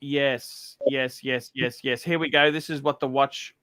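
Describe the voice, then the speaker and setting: Male livestream host, excitable, clear smooth voice, close dry sound. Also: medium pitch, measured pace, no room sound. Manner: excitable, reads viewer messages aloud. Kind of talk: casual livestream chat.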